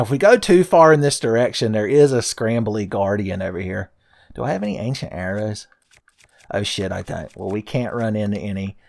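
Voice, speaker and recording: A man's voice: fairly low pitch, vocal fry, a little mellow. A man in his thirties giving casual gameplay commentary as a let's play host, with jokey, sarcastic and profane asides. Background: faint game music.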